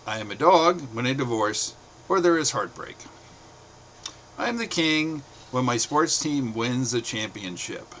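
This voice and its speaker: A middle-aged American man reads his own short stories aloud at a medium pitch, keeping a plain, steady delivery with brief pauses. There's a little hiss or hum on the recording.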